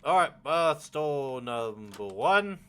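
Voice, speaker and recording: A man's voice: fairly high pitch, animated, slow, fairly bright tone, clear, resonant tone. A man casually commenting while playing a game, blunt and swearing freely. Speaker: gamer playing through a game. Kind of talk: casual let's-play commentary.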